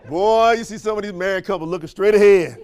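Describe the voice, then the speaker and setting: A man giving an energetic motivational speech to a live audience, throwing call-and-response questions to the crowd in folksy, slangy language. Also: high-pitched, fast talker. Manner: folksy, slangy phrasing with frequent laughs. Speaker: motivational trainer for a sales company.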